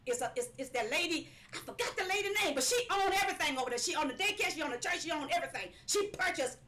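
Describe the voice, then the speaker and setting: A woman's voice: high-pitched, lively intonation, racing, bright, forceful tone. A woman preaching a live-streamed sermon, emphatic and repetitive, sometimes breaking into laughing cries.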